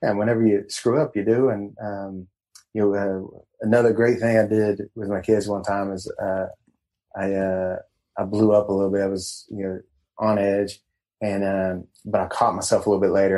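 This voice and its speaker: A man guesting on a casual podcast, talking as a coach in a meandering, halting way. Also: sits low, little pitch movement, a little mellow, poor audio. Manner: meandering, halting, laid-back. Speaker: guest, men's empowerment coach.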